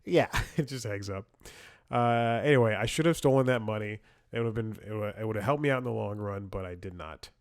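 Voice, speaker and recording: A man with a fairly low voice talks through a comic monologue, circling back and restarting his sentences as he goes. He throws in mocking, sarcastic asides. The sound is dry and close, with no room echo. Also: brisk, clear, resonant tone. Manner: rambling storytelling with frequent restarts and laughs. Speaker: comedy podcast host. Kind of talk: casual comedic monologue.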